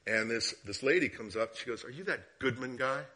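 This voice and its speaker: A man preaching a sermon as guest speaker, telling a story and asking the listeners questions, sometimes dropping to a hushed tone and sometimes rising. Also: medium pitch, fairly quick, breathy edge. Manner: drops to hushed tones for story, rises for questions.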